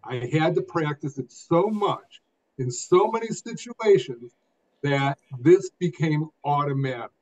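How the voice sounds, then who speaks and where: An older man, a guest telling his story in an expressive, emphatic way, phrase by phrase. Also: a little high, measured pace, a little hiss or hum. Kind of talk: conversational storytelling. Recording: dull lo-fi sound.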